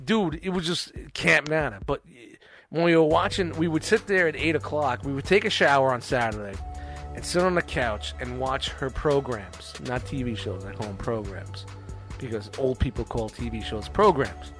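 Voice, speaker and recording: A middle-aged man with a mid-range, slightly bright voice spins long, rambling, profane stories on a laid-back podcast, restarting often. He keeps a moderate pace over soft background music.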